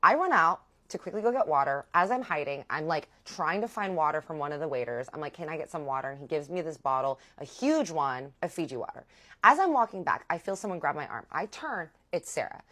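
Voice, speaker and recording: A woman's voice: low voice, big pitch swings, brisk, fairly bright tone. A young woman vlogger telling a storytime and acting out the quoted dialogue. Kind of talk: storytime vlog.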